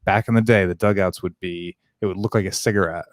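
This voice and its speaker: A man co-hosting a podcast, explaining things in relaxed casual chat that trails off quietly. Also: sits low, fast talker, dry recording, studio quality. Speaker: podcast co-host.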